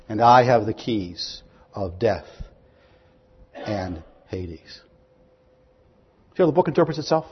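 Emphatic preacher in an echoing hall. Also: male voice, husky. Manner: emphatic, rises to loud high proclamations; reads scripture aloud, then questions the listeners. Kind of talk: sermon. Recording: dull, long-echo hall recording.

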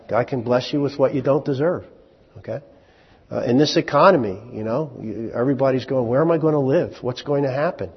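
A male pastor preaching in a husky voice. He talks to the congregation like a friend and cracks jokes, then drops low or suddenly gets loud. The sound is muffled and lo-fi, with a long reverb from a large hall. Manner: animated, jumps from hushed to loud in sudden bursts; joking, conversational preaching. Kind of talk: sermon.

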